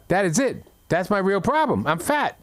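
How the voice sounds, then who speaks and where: A middle-aged man doing an open mic stand-up set, telling stories with blunt punchlines. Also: sits high. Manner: brash storytelling with blunt punchlines. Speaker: stand-up comic.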